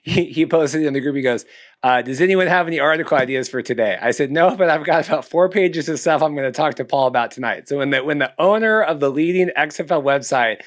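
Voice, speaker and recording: A man's voice: a little high, expressive, fast. A young man co-hosting a casual podcast, rambling and self-deprecating, often restarting his sentences. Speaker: podcast co-host.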